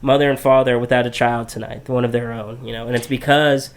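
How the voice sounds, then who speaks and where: A man's voice: mid-range voice, level tone, fairly quick. A man hosting a podcast in casual discussion, thinking aloud with restarts and many tag questions. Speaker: podcast host.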